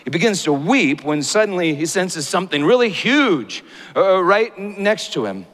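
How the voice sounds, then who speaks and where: A man preaching a sermon, dramatic and rising to loud high peaks. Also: very animated, normal speed. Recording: long hall reverb.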